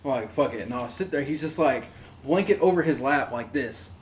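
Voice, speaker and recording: A man co-hosting a podcast, telling a story in an animated, profane way, laughing and acting out what people said. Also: mid-range voice, fairly quick, reverberant, slight background noise. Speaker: podcast co-host. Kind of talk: casual storytelling among friends.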